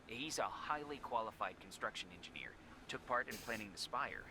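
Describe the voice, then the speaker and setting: A man's voice: medium pitch, animated, a little fast, sharp tone, slight background noise, low-quality recording. An actor playing a plump, gossipy, eager male company official in a video game, who drops to a whisper to share secrets. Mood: chatty.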